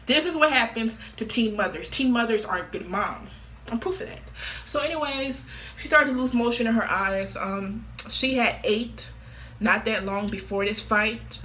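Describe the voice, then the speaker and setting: Woman vlogger, casual and offhand, slangy and repetitive, with a bright edge. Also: on the high side, measured pace, slight background noise. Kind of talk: casual confession to camera.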